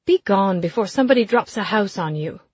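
A woman voicing a brash, blunt aristocratic lady who teases loudly and bawdily. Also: mid-range voice, lively intonation, brisk, breathy edge, dry recording, lo-fi sound. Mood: dismissive. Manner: loud, cheeky and bawdy. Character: brash posh older woman, teasing and blunt.

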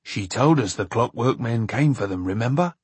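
A man's voice: medium pitch, expressive, normal speed, breathy edge, dry recording. A man voicing a matter-of-fact, logical companion in an audiobook. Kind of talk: audiobook narration.

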